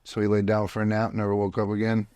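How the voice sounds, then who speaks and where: A man's voice: on the low side, monotone, fast talker, darkish tone, clean tone, no room sound. A man telling his story as a podcast guest, blunt and profane, with frequent restarts, recorded in a home office. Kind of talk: casual storytelling.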